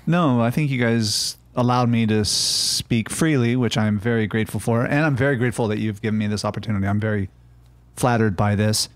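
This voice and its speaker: A man's voice: lowish voice, a little fast. A man who is a therapist, a guest on a podcast, speaking earnestly and giving short agreeing replies. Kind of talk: interview conversation.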